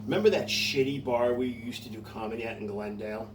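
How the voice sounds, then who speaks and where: A man's voice: mid-range voice, fast talker. Profane, laughing male comedian, off-mic. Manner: profane, laughing, animated storyteller. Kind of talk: casual chat. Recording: distant mic with faint noise.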